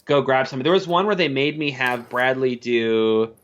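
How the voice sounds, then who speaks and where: A man as a podcast guest, telling lively stories in casual chat and often laughing. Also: mid-range voice, normal speed. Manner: animated, laughs often, acts out quoted coworkers. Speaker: podcast guest, former video editor.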